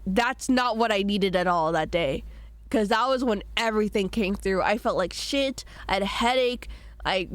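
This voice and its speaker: A woman's voice: medium pitch, clean tone, no room sound. A young woman streaming at home, chatting in a rambling, self-deprecating way while recovering from a cold, her throat itchy and a cough breaking in now and then. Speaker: VTuber streamer. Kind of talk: casual live-stream chat.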